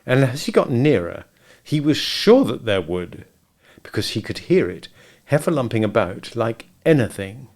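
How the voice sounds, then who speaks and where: Male narrator, storybook read-aloud, lively animated intonation. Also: medium pitch, moderate pace.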